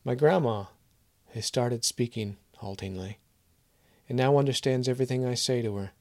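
A man reads a short story aloud, his voice sitting at an ordinary middle pitch. He throws himself into the dialogue with strong emotion. The sound is dry and close, with no room around it. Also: moderate pace, a little mellow, no echo. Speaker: narrator. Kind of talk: scripted story narration.

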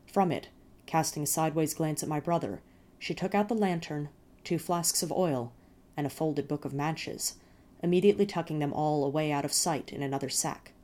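A woman reading first-person fiction in a measured, steady storytelling manner. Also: low voice. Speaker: narrator.

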